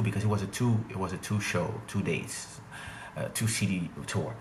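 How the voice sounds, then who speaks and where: Congolese-born guy doing a storytime vlog, animated, roomy echo. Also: fairly low pitch, moderate pace, a little hiss or hum. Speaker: vlogger and singer. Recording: echoey room.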